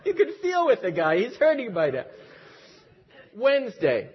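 A man's voice: very high-pitched, huge pitch swings, normal speed, pauses often, breathy edge, dull audio. A man preaching a sermon as pastor, leading a prayer and telling stories in an earnest, lightly humorous way.

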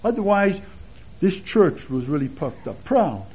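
A man giving a conversational expository sermon as a Bible teacher, relaxed and chatty, with anecdotes and chuckles along the way. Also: high-pitched, unhurried, breathy edge. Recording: dull lo-fi sermon recording.

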